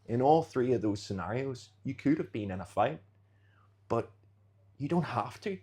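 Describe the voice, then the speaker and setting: Husky male podcast guest, animated and chatty, fond of acting out scenes. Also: mid-range voice, moderate pace, long pauses. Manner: animated storyteller, acts out street scenarios. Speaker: podcast guest, jiu-jitsu fighter. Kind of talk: casual interview chat.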